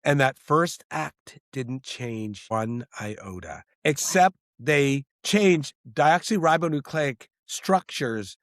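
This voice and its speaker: A middle-aged man, a screenwriter and director, talking in an interview in an animated, rambling way with many restarts. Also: medium pitch, takes it slowly, few pauses, no echo, clean studio sound. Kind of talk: interview conversation.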